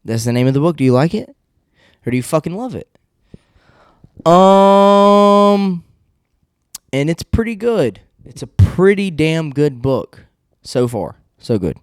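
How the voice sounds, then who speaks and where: A man's voice: mid-range voice, very animated, normal speed, dark tone, dry recording, studio quality. A man hosting a podcast solo, ranting bluntly and rambling, swearing constantly and laughing at his own remarks. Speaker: podcast host. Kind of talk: profane solo podcast rant.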